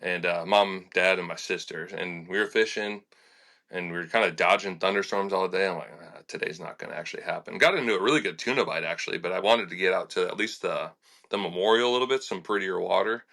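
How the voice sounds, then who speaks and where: Man, lively storyteller, bright voice. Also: sits low, a little fast. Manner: animated and laughing, with lots of fillers and acted-out quotes. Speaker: fishing charter captain. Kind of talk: casual storytelling in a podcast interview.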